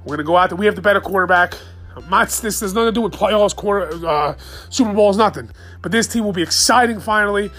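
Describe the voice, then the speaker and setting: A man hosting a solo sports fan podcast late at night, excited, profane and rambling as he rants. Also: sits high, fast, faint music behind. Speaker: podcast host.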